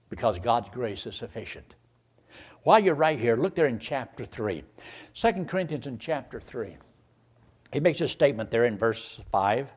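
Preacher man with a lively, rising voice. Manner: swings from quiet asides to loud shouted climbs in pitch. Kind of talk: sermon.

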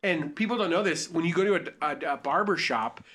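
A man hosting a podcast in casual chat, excitable, joking and swearing a lot. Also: on the high side, fast. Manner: excitable, profane, jokey. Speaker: podcast host.

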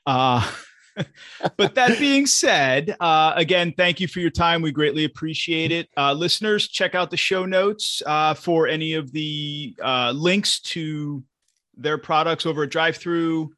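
Friendly male co-host, slightly high voice. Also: unhurried, sharp tone, no echo. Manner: friendly, wraps up formally. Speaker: podcast co-host. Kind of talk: casual interview chat.

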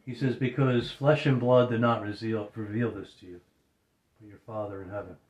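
Earnest preacher, roomy echo. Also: male voice, fairly low pitch, steady tone, moderate pace, a little mellow. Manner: earnest, repeats phrases for emphasis. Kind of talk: sermon.

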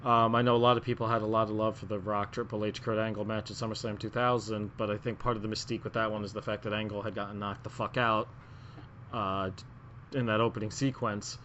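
A man's voice: on the low side, flat delivery, fast talker, a bit bright, a little hiss or hum. A man co-hosting a casual wrestling podcast, rambling through his picks with lots of filler words and restarts. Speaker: podcast co-host. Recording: muffled lo-fi audio.

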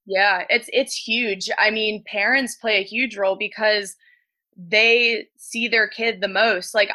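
Bright-voiced woman strength coach. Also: medium pitch, rough recording. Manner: casual, frequent "like" fillers. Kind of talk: casual podcast conversation.

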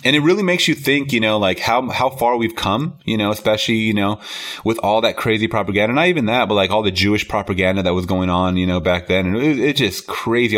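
A man's voice: fairly low pitch, fairly quick, a bit bright. A man reviewing a film in casual podcast chat, rambling with lots of fillers and easy laughs.

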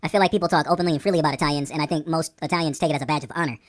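A man in his forties co-hosting a casual chat podcast, animated and excitable as he jumps from topic to topic. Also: on the high side, rapid-fire. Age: 40s. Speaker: podcast co-host. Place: Phoenix, Arizona.

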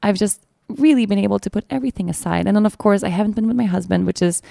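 A woman's voice: medium pitch, quick pace, gravelly, warm tone, no echo, studio quality. A young woman hosting a podcast from home, talking in a casual, emotional and rambling way with many restarts. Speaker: podcast host. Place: at home by her kitchen table.

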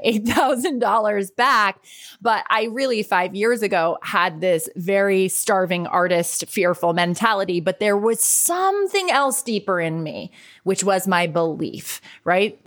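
A woman in her late thirties from New York, talking in a loose, candid podcast monologue. She is chatty and open, drops the odd swear word, and lets her thoughts run on at a middle pitch. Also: fairly bright tone. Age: 30s. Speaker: life coach and podcast host.

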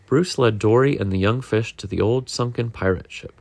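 A man reading a picture book aloud to a child at home, in a gentle, unhurried storytelling manner. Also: medium pitch, gravelly, no room sound.

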